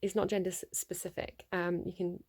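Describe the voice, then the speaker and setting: Low gravelly woman doing a tarot reading. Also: little pitch movement, a little fast, darkish tone. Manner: rambling, laughing, trips over words. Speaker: tarot reader. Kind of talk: casual spoken tarot reading. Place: at home.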